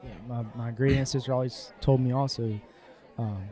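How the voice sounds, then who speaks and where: A man co-hosting a podcast, acting out an improvised comedy date in a deadpan way, often breaking into laughter and fake tears. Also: mid-range voice, moderate pace, some chatter behind. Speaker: podcast co-host.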